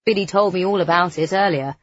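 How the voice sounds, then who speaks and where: A woman voicing a calm, frank young man who keeps pressing his point in reasonable tones, read as an audiobook character. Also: lowish voice, fast talker, no echo, natural voice. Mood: steady, persuasive. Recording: dull, dry studio recording.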